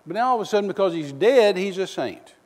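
Man, preacher, sermon, folksy storytelling, high voice, long hall reverb. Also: lively intonation, fast. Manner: storytelling, folksy, bursts of loud outrage. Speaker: preacher, missionary.

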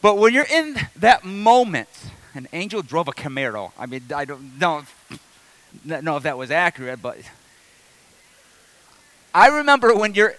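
Male pastor, high voice, dry close sound, humorous storytelling sermon. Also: big pitch swings, a little slow, pauses often, a bit bright, no room sound. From Detroit area. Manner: storytelling, self-deprecating humor, builds to preaching.

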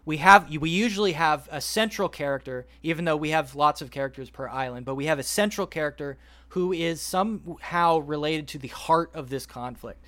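Rambling, animated male podcast host. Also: on the high side, normal speed. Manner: rambling, animated storytelling with quoted voices. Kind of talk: casual podcast chat, retelling a plot.

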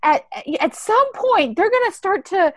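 A woman in her thirties hosts a casual podcast chat, her voice sitting high and bright in pitch. She is agreeable and laughs along easily, recorded close and dry with little room sound. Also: very animated, a little slow, no echo. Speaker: comedian and podcast host.

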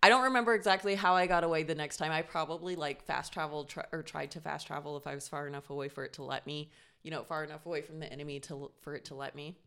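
A young adult woman co-hosting a podcast, telling a story in a lively way, swearing and laughing often. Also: low voice, fast talker. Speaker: podcast co-host. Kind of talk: casual chat.

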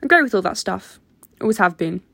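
A woman's voice: medium pitch, animated, fairly quick, creaky, sharp tone, no room sound, exaggerated voice. A woman voicing an eager young man applying for a job over the phone.

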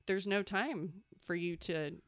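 A woman's voice: fairly low pitch, takes it slowly, clear, resonant tone, no room sound, clean studio sound. A woman co-hosting a casual podcast chat, affirming the others and closing the show. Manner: warm affirming, speaks of God. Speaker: podcast co-host.

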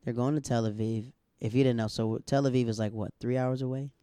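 Animated man telling a story, dark voice. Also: medium pitch, a little fast, clear, resonant tone, dry recording, studio quality. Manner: animated storyteller, acts out other people's lines; laughs often while talking. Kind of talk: casual chat.

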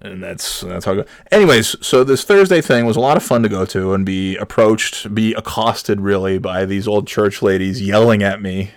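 Gravelly, sardonic man telling stories. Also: lowish voice, moderate pace, few pauses, no room sound, clean studio sound. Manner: profane, sardonic, rambling. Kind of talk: comic storytelling monologue.

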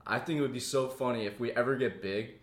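A man's voice: medium pitch, reverberant. Joking, swearing male podcast co-host. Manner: swearing, quick to laugh, jokey. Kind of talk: casual comedic chat.

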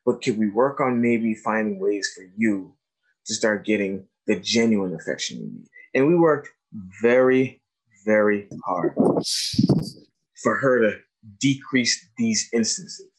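Man in his 30s doing a casual talk for teachers on trauma, lively storyteller, does the voices of the people in his stories. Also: lowish voice, measured pace, breathy edge. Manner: storytelling, animated, acts out quoted dialogue. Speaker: trauma educator and presenter. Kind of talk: informal talk to educators.

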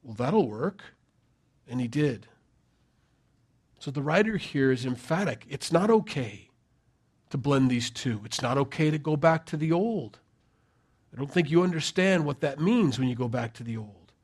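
A man's voice: medium pitch, lively intonation, moderate pace, long pauses, a little mellow, husky. A middle-aged man preaching a sermon, conversational and emphatic, with rhetorical questions. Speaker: pastor.

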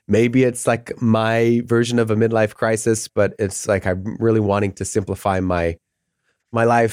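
Middle-aged man, podcast guest, somewhat low voice, easygoing rambling talk, chuckles between words. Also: darkish tone, no room sound, clean studio sound. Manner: rambling, laughs often mid-sentence. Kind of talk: casual interview chat.

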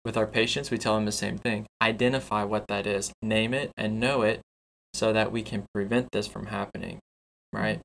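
A man's voice: fairly low pitch, level tone, normal speed, vocal fry, fairly bright tone, a little hiss or hum, poor audio. A man co-hosting a podcast for nursing students, explaining points in an instructive, teacherly way. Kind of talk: casual advice chat.

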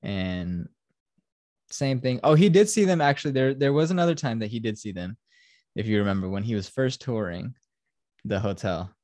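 A man's voice: on the low side, expressive, moderate pace, a little mellow, no echo, studio quality. A man hosting a podcast who casually recaps a film in a rambling, profane way full of fillers. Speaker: podcast host.

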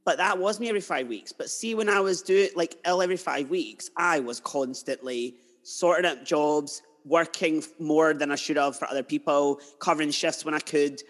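A man's voice: a little high, moderate pace, hardly any pauses, fairly bright tone. Chatty male podcast host. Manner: chatty, emotional, tells stories. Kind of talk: podcast interview. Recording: long hall reverb.

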